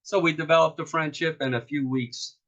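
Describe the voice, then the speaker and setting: A man's voice: on the high side, fairly even intonation, fairly quick, a bit bright. A man in his fifties, an author telling stories from his life as a fan to a club meeting in a casual, conversational way. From East Coast of the United States. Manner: storytelling, conversational with fillers. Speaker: author presenting his book. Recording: dull lo-fi recording.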